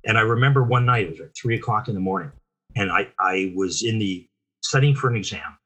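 An older man from New Jersey tells stories as an interview guest, with a husky, breathy edge to his voice. His tone is bright and forceful, and he talks in animated bursts full of restarts. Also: lowish voice, fairly quick. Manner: animated storyteller, frequent restarts. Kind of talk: casual storytelling interview.

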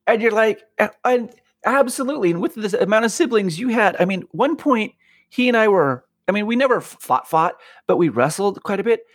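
A man's voice: sits high, animated, brisk, dry recording, studio quality. A man in casual chat who talks animatedly and laughs often.

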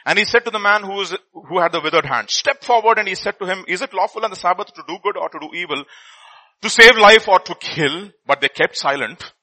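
A man preaching a sermon, reading scripture and swinging from loud bursts to quiet asides. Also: sits high, quick pace, few pauses, low-quality recording.

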